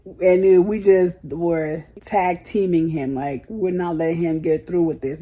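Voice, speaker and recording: A woman's voice: fairly low pitch, fairly even intonation, unhurried, dark tone. A young adult woman telling a story to her viewers in a casual, frank way, full of slang. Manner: chatty, frank, heated retelling with slang. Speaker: vlogger.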